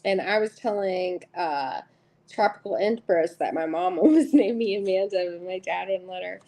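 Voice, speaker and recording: A woman's voice: fairly low pitch, moderate pace, warm tone, low-quality recording. A middle-aged woman hosting a live tarot stream, chatting casually and giggling as she greets viewers by name.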